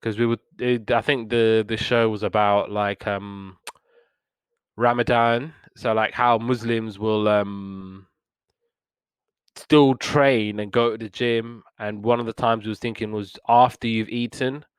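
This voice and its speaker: A man with a smooth, clear voice recaps old cartoons in a loose, rambling way, full of fillers and false starts. He sits at a middle pitch, and his sound is dry and close, with no room around it. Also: fairly even intonation, measured pace, dry recording. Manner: rambling retelling with many fillers and restarts. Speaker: podcast host reviewing old cartoons. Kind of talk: casual review chat.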